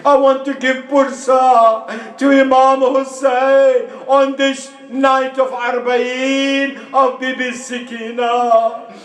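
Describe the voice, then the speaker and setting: High-voiced grieving man preaching slowly. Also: little pitch movement, reverberant, poor audio. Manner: grief-laden recitation, cries out names. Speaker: speaker at a mourning gathering. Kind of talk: emotional majlis sermon. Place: mosque hall.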